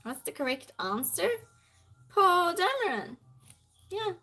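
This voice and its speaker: A woman's voice: extremely high pitch, very animated, slow, loud music behind the voice. A woman hosting a trivia live stream in a casual chat style, reading viewer comments aloud and greeting viewers by name. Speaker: trivia night stream host.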